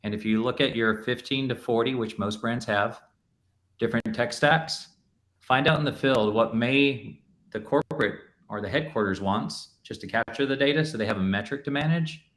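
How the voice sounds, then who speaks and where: A man's voice: medium pitch, moderate pace, fairly bright tone. A man speaking on an industry panel in a conversational way, peppered with filler words. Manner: conversational, frequent "you know" fillers. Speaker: panelist, restaurant tech executive. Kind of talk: panel discussion.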